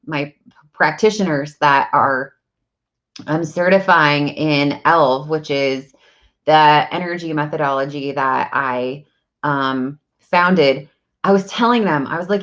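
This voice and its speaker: Her voice is low-pitched, and the recording has its highs cut off. She's a woman energy practitioner and coach giving a long, casual spiritual talk to camera, rambling and chatty with frequent "likes" and "ums."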